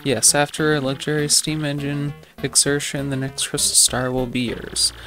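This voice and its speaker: A fussy old scholar from a video game, read aloud by a man in a brisk, formal way, his pitch sitting in an ordinary middle range. Faint music hums beneath the lines. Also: flat delivery, bright, forceful tone. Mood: pleased. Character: elderly scholarly male professor, fussy.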